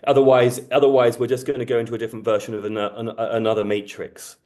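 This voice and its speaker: A man's voice: mid-range voice, level tone, quick pace, warm tone. A man from Britain, an astrologer talking in an earnest, reflective, teaching way. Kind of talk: casual conversation.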